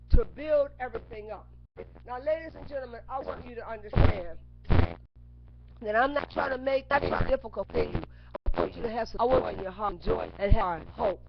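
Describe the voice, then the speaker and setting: A woman preaching an impassioned monologue on a webcam. She repeats single words over and over and breaks into sudden shouts. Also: a little high. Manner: repetitive, chanting words over and over; bursts into shouts. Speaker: webcam speaker. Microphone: webcam mic. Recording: dull lo-fi webcam audio with clear noise.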